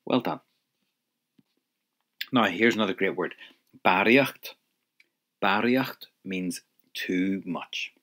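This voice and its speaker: A man's voice: deep voice, takes it slowly, pauses often, a bit bright. A man teaching an audio language lesson, patiently prompting the listener to answer.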